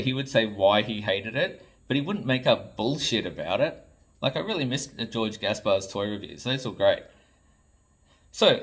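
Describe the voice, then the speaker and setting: An Australian man, a toy designer, ranting to camera in an exasperated, blunt way and swearing freely. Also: medium pitch. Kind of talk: ranting vlog commentary.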